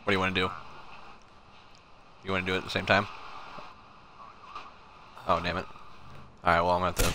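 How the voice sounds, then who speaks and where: A man chatting and swearing loudly while playing a co-op shooter with friends, reacting with quick outbursts and laughter. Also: sits low, lively intonation, a little hiss or hum. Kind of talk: casual gameplay chat.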